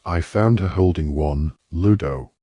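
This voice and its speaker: A man's voice: low voice, unhurried, dark tone, husky, dry recording. A man voicing a stern, suspicious ministry wizard who interrogates sharply.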